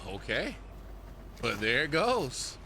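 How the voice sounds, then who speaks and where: A man's voice: medium pitch, wildly swooping pitch, slow, sharp tone, a little hiss or hum. A man hosting a gaming stream, asking playful questions in a laid-back, slangy way. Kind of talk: casual live-stream chat.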